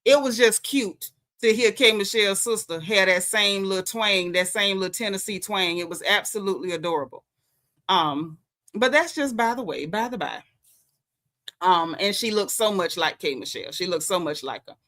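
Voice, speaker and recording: A woman's voice: mid-range voice, moderate pace, fairly bright tone. A woman from the American South with a Southern accent, chatting emphatically through a casual livestream recap as host. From Southern United States. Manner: chatty, emphatic, colloquial with lots of slang. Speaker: host recapping a reality show.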